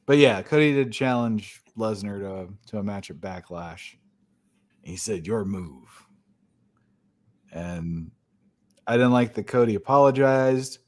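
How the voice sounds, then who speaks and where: A man co-hosting a podcast in casual chat, blunt and profane and laughing often. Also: lowish voice. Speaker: podcast co-host.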